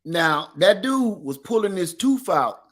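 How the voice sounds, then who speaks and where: A middle-aged man with an East Texas accent, co-hosting a livestream and telling stories in animated, folksy casual chat. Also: high voice, a little slow. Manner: animated storyteller, folksy Southern talk. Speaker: livestream co-host.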